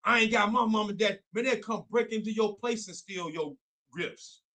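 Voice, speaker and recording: A young man co-hosting a faith talk show preaches on scripture in a Bible study talk, fervent, repetitive, and colloquial. His high-pitched voice sounds pushed and bright, at a normal speed.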